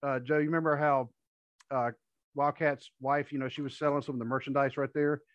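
A man's voice: mid-range voice, flat delivery, a little fast, no room sound. A man hosting a podcast panel, easygoing and laughing often in casual chat. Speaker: podcast host. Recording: dull lo-fi sound.

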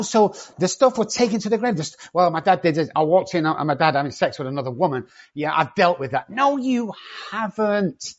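On a blunt podcast conversation, a man who owns an addiction treatment company cusses, boasts and picks fights. His husky voice sits high, the audio is dull, and he is not from England.

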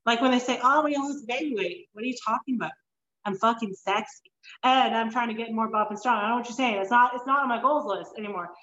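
A woman hosting a podcast interview over an online call, animated and blunt, swearing freely and going off on rambling asides. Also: on the high side, fast, roomy sound, dull audio. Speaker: podcast host. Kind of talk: casual interview chat.

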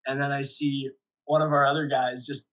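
A young man, a volleyball player, telling stories in a relaxed interview with frequent chuckles and restarts. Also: mid-range voice, moderate pace, dull audio. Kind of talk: casual interview storytelling.

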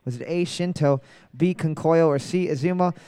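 A young man hosting a casual trivia night, reading each question slowly twice and tossing in joking asides. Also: on the high side, warm tone, smooth, dry recording. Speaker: trivia host.

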